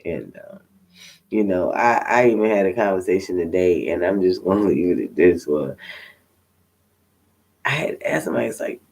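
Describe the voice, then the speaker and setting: Tired man chatting straight to camera, candid and rambling, with lots of cussing and pitch that swings up and down. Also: lively intonation, moderate pace, vocal fry, long pauses, darkish tone. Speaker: tarot reader. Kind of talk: casual unscripted chat to viewers.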